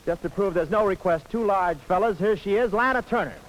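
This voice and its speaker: A man's voice: high voice, low-quality recording. Brief: man emceeing a 1940s radio variety hour, wisecracking, raised voice, slight background hiss. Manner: brisk wisecracking emcee patter. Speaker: radio variety show host. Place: broadcast stage before a live audience.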